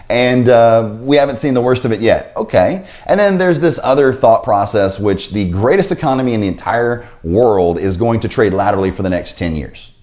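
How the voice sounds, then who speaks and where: Animated sarcastic male finance vlogger. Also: medium pitch, moderate pace. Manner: animated, sarcastic asides, repeats stock phrases. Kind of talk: casual to-camera investing vlog.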